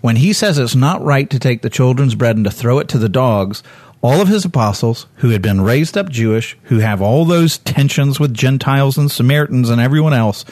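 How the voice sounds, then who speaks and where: Animated male preacher, dry close sound. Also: moderate pace, dry recording. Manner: lively, acts out quoted voices with sudden jumps in pitch; candid and self-correcting. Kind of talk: conversational Bible teaching.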